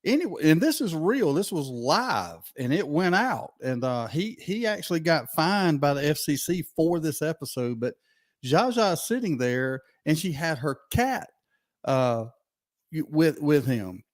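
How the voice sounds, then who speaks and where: A man's voice: on the high side, sing-song, measured pace, no room sound. A man in casual talk-show chat, telling a long anecdote in a rambling way with lots of fillers.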